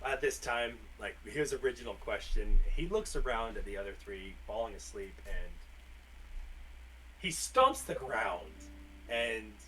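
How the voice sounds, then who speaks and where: A man narrating as game master of a tabletop game, lively and full of fillers. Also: fairly low pitch, unhurried, a little hiss or hum. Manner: lively, lots of fillers and restarts. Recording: distant mic with faint music.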